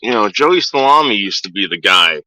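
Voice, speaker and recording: A man's voice: lowish voice, lively intonation, moderate pace, sharp tone, dry recording, poor audio. Profane stammering man ranting. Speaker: vlogger. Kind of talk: casual rant.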